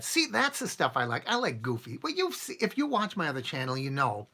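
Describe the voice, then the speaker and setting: Rambling, gravelly man chatting with his viewers. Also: on the high side, wildly swooping pitch, a little fast, few pauses, pushed and bright. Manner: rambling, chuckling, reads viewer comments aloud. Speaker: channel host answering live chat. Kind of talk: casual live-stream chat.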